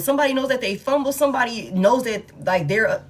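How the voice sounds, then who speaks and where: A woman's voice: a little high, fast talker, a little hiss or hum. Blunt, profane tarot-reading woman. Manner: blunt, profane, laughing asides. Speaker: tarot reader.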